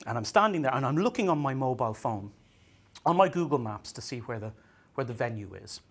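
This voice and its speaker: An Irish man doing a stand-up comedy set, telling self-mocking stories in a halting way and often repeating his words as he restarts. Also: mid-range voice, lively intonation. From Ireland. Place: comedy venue stage.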